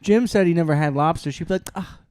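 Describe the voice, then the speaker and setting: A man's voice: fairly high pitch, fast talker, a little mellow, clean tone, dry recording, clean studio sound. A young man co-hosting a comedy podcast, teasing and laughing through casual banter. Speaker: podcast co-host.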